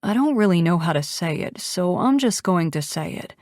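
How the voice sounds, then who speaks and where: A woman narrating a first-person romance audiobook in an expressive, intimate way. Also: lowish voice, moderate pace, dry recording, clean studio sound.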